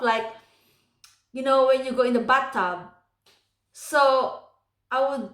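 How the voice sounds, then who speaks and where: Animated Filipino woman vlogger. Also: a little high, unhurried, reverberant. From Philippines. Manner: animated, laughs often between stories. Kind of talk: casual storytelling vlog.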